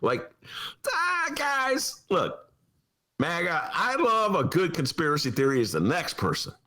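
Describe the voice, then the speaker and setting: A male podcast host in a studio, talking politics casually in a wry, animated way full of asides. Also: a little high, normal speed. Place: radio studio.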